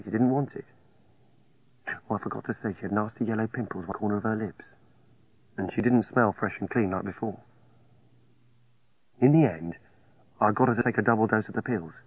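Husky man reading a first-person story. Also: fairly low pitch, no room sound. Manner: plain, halting, confessional telling. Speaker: narrator. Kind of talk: first-person audiobook narration. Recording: dry, slightly dull studio recording.

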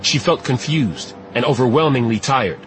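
A man narrating an audiobook in a steady, measured storytelling voice. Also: medium pitch, faint music behind, low-quality recording. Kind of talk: scripted narration.

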